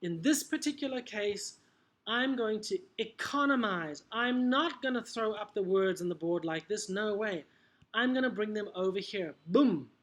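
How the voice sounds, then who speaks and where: A man's voice: high-pitched, expressive, normal speed, a bit bright. A man, an English teacher trainer, explaining classroom methods in a chatty tutorial, often checking in with "okay?" and punchy asides.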